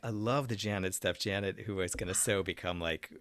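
A podcast co-host in casual chat, animated and playful, laughing while recounting scenes. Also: low voice, brisk, no room sound, clean studio sound.

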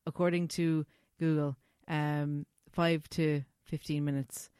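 Smooth-voiced woman, dry close sound. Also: sits low, little pitch movement, takes it slowly, dark tone, dry recording. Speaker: podcast co-host. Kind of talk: casual film chat.

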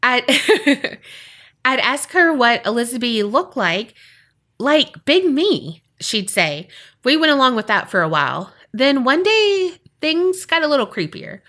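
Lively, bright-voiced woman podcast host. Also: high voice, a little slow. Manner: animated, expressive storytelling with lively reactions. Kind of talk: casual chat and reading a listener story aloud.

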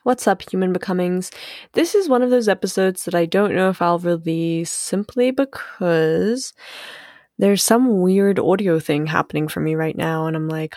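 A woman hosts her podcast alone, unhurried and musing, with a fairly low voice. She swears freely and laughs easily. The sound is dry and close, with no room around it. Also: darkish tone, dry recording. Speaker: podcast host. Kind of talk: casual solo podcast monologue.

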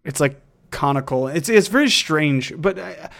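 A man's voice: on the high side, animated, moderate pace, creaky, fairly bright tone. A man co-hosting a podcast in casual chat. He gives his opinions with animation and often repeats words as he talks. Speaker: podcast co-host.

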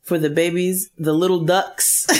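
A woman co-hosting a casual podcast, reading listener emails aloud in a playful, joking way. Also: lowish voice. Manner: playful, joking, laughs often. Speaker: podcast co-host.

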